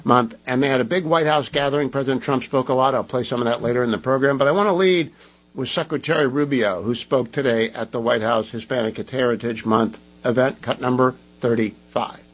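A man's voice: medium pitch, brisk, rough recording. A man hosting a talk radio show, giving emphatic, sarcastic commentary full of rhetorical questions.

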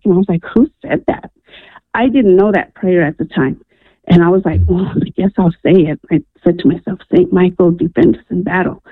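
This radio caller, a woman from New Mexico with a medium-pitched voice, speaks earnestly about her own experience, frequently saying "um." The telephone recording is tinny and dry, free of room sound.

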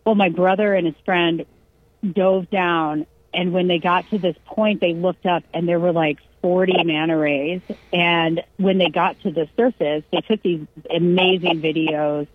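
A middle-aged woman from California spins a family story in relaxed, casual conversation. She acts out each person she quotes and laughs as she goes. Her voice sits a little low and husky, and it reaches us dry and boxy through a narrow, phone-like radio line. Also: measured pace, no room sound.

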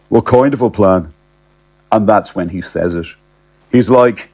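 A man narrating a comic first-person story in a wry, deadpan, chatty way. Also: on the low side, unhurried, pauses often.

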